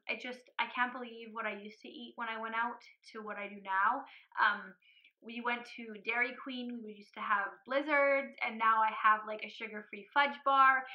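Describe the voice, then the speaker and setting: A young woman talking earnestly about her weight loss in a casual vlog, emotional at times and pausing often with ums. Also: fairly high pitch, muffled recording.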